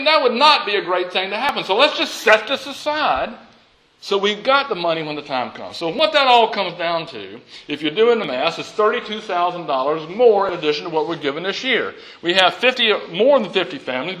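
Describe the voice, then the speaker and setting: A middle-aged pastor preaches a sermon emphatically, often laughing, in a high voice that swoops widely in pitch with a bright, forceful edge. He comes across lively and chuckling, and the recording is rough.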